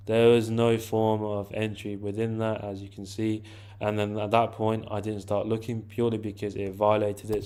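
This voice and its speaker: A man with a lowish voice walks through a trade on a chart in a relaxed, informal way. His pitch barely moves, so the talk comes out level and even as he circles back and restarts his sentences. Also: clean tone. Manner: informal, chatty, often restarts and says "to be fair". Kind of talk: casual screen-share trading walkthrough.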